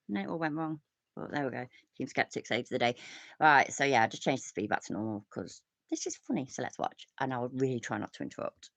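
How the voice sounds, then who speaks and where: Chatty English woman, gravelly voice. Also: rumbling low, a little fast, a bit bright, dry recording. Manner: rambling, swears often, laughs a lot. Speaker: host. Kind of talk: casual reaction commentary.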